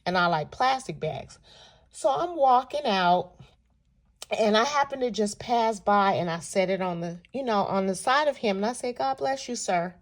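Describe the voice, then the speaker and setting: A woman vlogger from California telling a personal story in an animated, chatty way. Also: medium pitch, moderate pace. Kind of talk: storytelling vlog.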